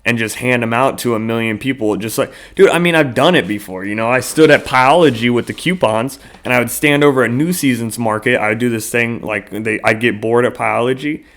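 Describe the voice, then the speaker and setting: A man's voice: medium pitch, fairly quick, hardly any pauses, fairly bright tone. A man hosting his own podcast in a casual solo monologue, rambling loosely with lots of fillers and frequent swearing. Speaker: podcast host.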